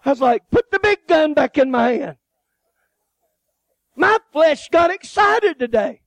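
A man's voice: very high-pitched, unhurried, no room sound. A man. He tells stories with jokes and acts out the voices in them, and the recording is close and dry with no room sound. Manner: animated, joking storytelling with laughs and acted-out voices. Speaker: guest preacher. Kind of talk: sermon.

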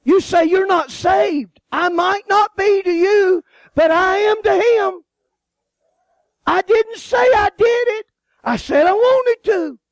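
A man's voice: very high voice, no room sound. A man. He tells stories with jokes and acts out the voices in them, and the recording is close and dry with no room sound. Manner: animated, joking storytelling with laughs and acted-out voices. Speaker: guest preacher. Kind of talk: sermon.

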